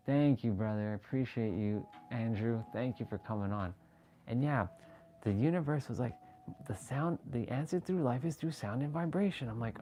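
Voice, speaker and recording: A man hosting a casual livestream, talking excitably with rambling restarts and sudden jumps in voice as he relives moments, swearing freely. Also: mid-range voice, moderate pace. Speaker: livestream host. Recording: faint background music.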